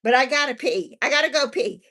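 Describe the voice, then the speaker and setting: A woman's voice: sits high, brisk. Chatty livestream host woman. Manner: animated, laughs often, reads chat aloud. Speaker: livestream host reading chat. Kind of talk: casual livestream chat.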